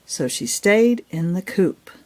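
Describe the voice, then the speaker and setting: A woman reads her own children's picture book aloud in a gentle, expressive storytelling voice. Her pitch moves up and down a great deal, and she keeps the pace slow for young listeners.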